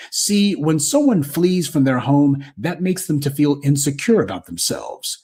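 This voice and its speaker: A man's voice: mid-range voice, darkish tone, husky. A man with a Southern American accent, hosting a commentary show and delivering an indignant, scornful monologue. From United States.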